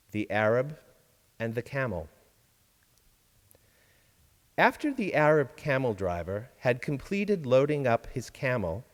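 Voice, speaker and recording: Slow, deliberate man preaching in a church. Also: medium pitch, in a large hall. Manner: measured, deliberate delivery with dramatic pauses. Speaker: lay speaker giving a church reflection. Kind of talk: sermon. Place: large church sanctuary.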